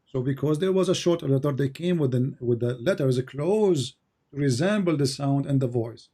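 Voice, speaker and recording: A man's voice: mid-range voice, animated, moderate pace, dark tone. A man from the Middle East, a native Arabic speaker, arguing insistently on a call-in debate show and repeating his points with rising emphasis. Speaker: Christian apologist debating a caller.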